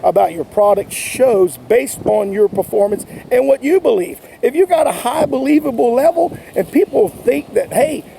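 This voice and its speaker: A man's voice: very high-pitched, expressive, moderate pace, vocal fry, hardly any pauses, mellow, slight background noise, low-quality recording. A man giving an enthusiastic, folksy sales pep talk as a sales coach, repeating his points. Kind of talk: motivational talk to camera.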